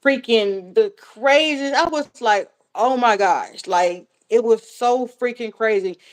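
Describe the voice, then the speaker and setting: A woman in her thirties speaks slowly in a slightly high voice, fielding viewer questions in a laid-back live chat. This vlogger is candid and talkative, peppering her speech with fillers and swear words and rambling repetitively.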